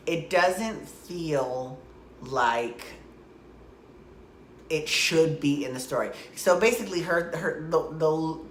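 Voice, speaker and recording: A woman's voice: deep voice, echoey room, slight background noise. A woman vlogger giving a casual, opinionated recap of a soap opera, full of chatty asides.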